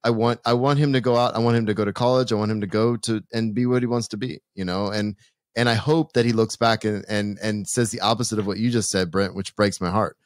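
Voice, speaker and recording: A man co-hosting a podcast, talking earnestly in a halting way with many restarts. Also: on the low side, fairly even intonation, no echo, clean studio sound. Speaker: podcast co-host. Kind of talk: casual podcast chat.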